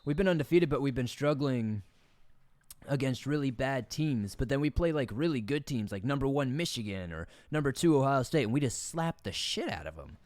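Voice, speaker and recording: A man's voice: mid-range voice, lively intonation, moderate pace, a little mellow, no echo. A young man with a Southern American accent, streaming a football video game and rambling through casual, profane, jokey commentary at his desk mic. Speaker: gaming streamer.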